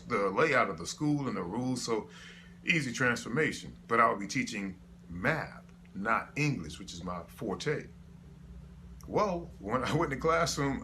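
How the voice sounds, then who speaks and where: Bright forceful guy doing a chatty motivational sermon, kinda preachy. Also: medium pitch, slight background noise. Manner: preachy, conversational, rhetorical questions. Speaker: motivational speaker.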